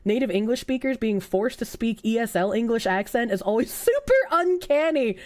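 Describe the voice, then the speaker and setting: A woman's voice: on the high side, expressive, moderate pace, darkish tone. A woman streaming live, reacting in a sarcastic, incredulous and profane way with frequent laughs. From United States. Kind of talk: casual livestream reaction.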